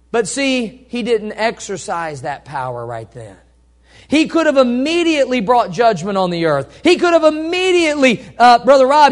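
A man preaching a sermon to a congregation in an animated way, asking them questions and acting out little scenes. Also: very high-pitched. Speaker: pastor.

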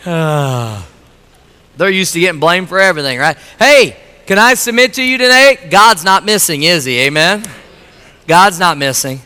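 Middle-aged male pastor, sermon delivery, high bright voice, echo of a church hall. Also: expressive, moderate pace, smooth. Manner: emphatic, repeating lines, telling a joke story. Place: church sanctuary.

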